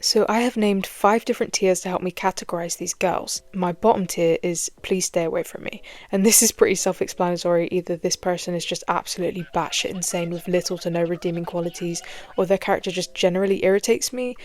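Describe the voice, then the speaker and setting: A woman's voice: fairly low pitch, steady tone, fast, darkish tone. A young British woman giving scripted, playful commentary with jokey, self-mocking asides. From Britain. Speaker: horror commentary YouTuber.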